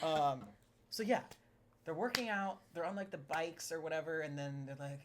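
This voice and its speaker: Low-voiced woman chatting on a podcast. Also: moderate pace, background noise. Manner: excited, gushing, laughs often. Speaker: podcast co-host. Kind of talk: casual chat.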